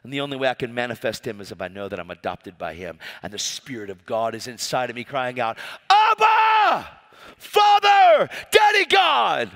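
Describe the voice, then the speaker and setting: A man preaching a sermon, reading scripture and telling stories with fervent swings from loud cries to quiet asides. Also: lowish voice, fast, hardly any pauses. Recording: long hall reverb.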